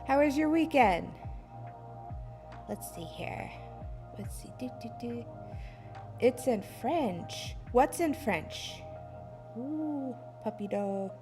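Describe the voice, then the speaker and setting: Casting: slow-talking, higher-voiced woman streamer, giggly and self-deprecating, soft lofi music underneath. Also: animated. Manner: self-deprecating, giggly, hums to herself while fiddling with settings. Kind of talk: casual live-stream chat.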